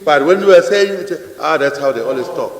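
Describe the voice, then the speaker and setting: An older man speaks off the cuff to a parliament, his voice pitched a little high. He repeats his phrases and throws questions at the room. The sound rings through a large hall with a long echo. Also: expressive, fairly quick. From Namibia. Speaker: president answering parliament. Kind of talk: unscripted parliamentary address. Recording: echoey chamber with long reverb.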